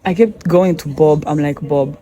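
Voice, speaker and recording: Mellow-voiced woman telling stories animatedly. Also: deep voice, normal speed. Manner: animated, often quotes herself in dialogue. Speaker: guest. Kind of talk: casual storytelling conversation.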